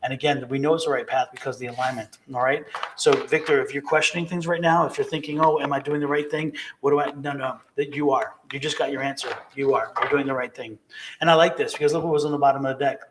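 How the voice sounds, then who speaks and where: A man's voice: mid-range voice, steady tone, fast, noisy background. A man giving live-streamed tarot readings, emphatic and encouraging, repeating key phrases to viewers. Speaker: tarot reader.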